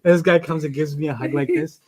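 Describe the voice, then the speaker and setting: Animated male teacher telling stories in class. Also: fairly high pitch, a little fast, very noisy. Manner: animated storyteller who acts out quoted people; asks students questions and checks their answers. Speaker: Arabic teacher. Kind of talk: casual storytelling and live teaching.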